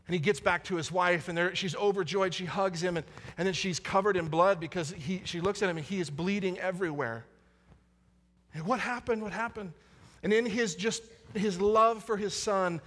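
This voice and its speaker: A man's voice: high-pitched, fairly bright tone. A man, a pastor, preaching a sermon in an earnest way and repeating key lines for emphasis. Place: church sanctuary. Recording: long church hall reverb.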